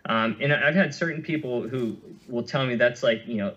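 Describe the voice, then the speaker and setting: A man's voice: mid-range voice, fairly quick, a bit bright. A man as an interview guest, explaining running injuries in a thoughtful, conversational way with many fillers and restarts, heard over a remote call. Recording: muffled lo-fi audio.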